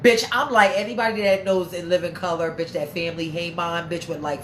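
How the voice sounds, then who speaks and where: A woman's voice: lowish voice, fairly even intonation, brisk, hardly any pauses, slight background noise. Sassy, stuffy-nosed woman livestreaming. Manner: sassy, brash and swearing; chatty, reads viewer comments aloud. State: stuffy, congested. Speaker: livestream host. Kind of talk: casual livestream chat. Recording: echoey room.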